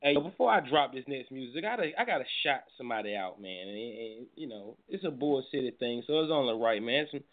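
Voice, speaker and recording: A man's voice: medium pitch, very animated, brisk, hardly any pauses. A man hosting a casual morning show, laid-back and slangy. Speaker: radio show host. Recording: tinny phone-like audio.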